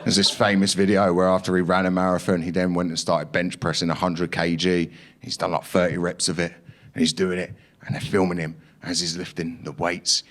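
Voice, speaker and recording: Young male stand-up, brash and sweary, jumps into loud character voices in a club set. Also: low voice, fairly even intonation, brisk. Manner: brash, swearing, acts out others in raised voices. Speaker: stand-up comedian. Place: comedy club stage.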